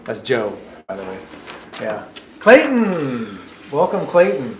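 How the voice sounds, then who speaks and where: A man with a mid-range voice and huge pitch swings takes his time as he coaches job seekers through a mock interview. His manner is upbeat and joking, his explanations patient, and the echoey indoor coffee shop adds slight background noise.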